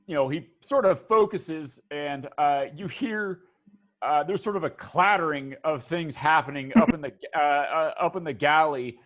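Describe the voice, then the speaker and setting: A man narrating as game master of a tabletop game, animated and often laughing, with many restarts. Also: a little high, a little slow, muffled recording.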